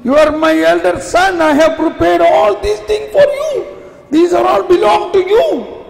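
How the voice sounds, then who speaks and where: A preacher acting out an indignant old father who loudly scolds and pleads with his son. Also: extremely high pitch, expressive, very slow, gravelly, full character voice. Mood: outraged. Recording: echoey hall with long reverb.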